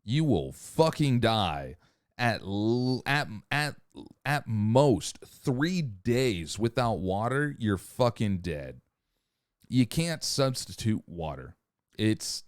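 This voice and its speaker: A man's voice: on the low side, sing-song, takes it slowly, no echo, clean studio sound. A man hosting a podcast in a casual, profane, rambling rant who sometimes loses his thread. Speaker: podcast host.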